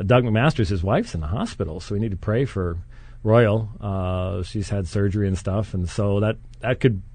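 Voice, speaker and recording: A man hosting a call-in radio program, talking in a halting way with frequent restarts and chuckles. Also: lowish voice, a little mellow, no room sound. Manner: halting, many restarts and fillers, chuckles often. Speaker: radio show host.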